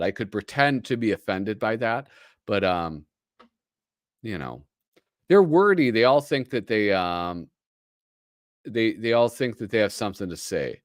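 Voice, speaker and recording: Male streamer, low voice, animated rambling chat, self-deprecating, dry close sound. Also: dry recording. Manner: rambling, self-deprecating, lots of fillers and laughs. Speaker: host. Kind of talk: casual livestream chat while reading comics. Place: home streaming setup.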